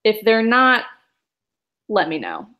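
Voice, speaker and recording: An easygoing male forger speaks in a casual, offhand way, as a woman game master puts him on. His tone is relaxed and mid-pitched, a tabletop-game NPC. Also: slow, highs cut off.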